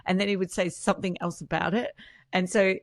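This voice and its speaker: A woman's voice: lowish voice, steady tone, brisk, dry recording, studio quality. A woman with an Australian accent hosting a podcast interview, laughing often as she tells a story. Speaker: podcast host. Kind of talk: casual interview chat.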